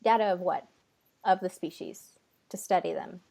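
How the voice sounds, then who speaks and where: Nervous halting woman. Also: on the low side, vocal fry, darkish tone. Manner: nervous, halting, with many fillers and restarts; relays an unseen being's words in her own voice. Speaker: channeler. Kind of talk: casual conversation.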